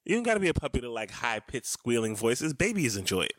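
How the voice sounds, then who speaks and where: A young man co-hosting a podcast, teasing his partner and telling a story in a lively, joking way. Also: mid-range voice, fast, no echo, studio quality. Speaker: podcast co-host. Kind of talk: casual couple banter.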